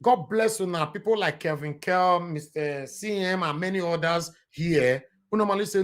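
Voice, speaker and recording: A man's voice: high voice, normal speed, hardly any pauses. A man with a Nigerian accent hosting a casual political livestream with callers, impassioned and pleading, mixing in Pidgin English. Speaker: livestream political show host.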